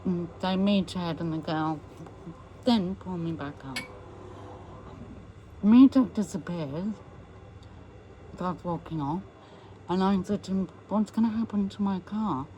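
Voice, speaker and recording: A woman's voice: fairly low pitch, dark tone, slight background noise, poor audio. A woman recounting a personal ordeal as an interviewee, acting out what others said to her. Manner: slow recounting that acts out quoted speech. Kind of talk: personal storytelling.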